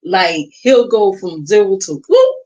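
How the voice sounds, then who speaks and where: A woman's voice: medium pitch, sing-song, unhurried, darkish tone, rough recording. A woman. She gossips with sassy, mocking asides. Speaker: livestream host. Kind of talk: casual reaction stream chat.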